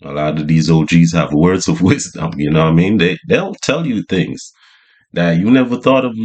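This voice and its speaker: A man talks casually to his viewers in a low, unhurried voice. His speech is loose and slangy and full of fillers. He drifts from thought to thought without any rush. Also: a little mellow. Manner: laid-back, slangy, rambling with fillers. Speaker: vlogger. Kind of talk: casual monologue.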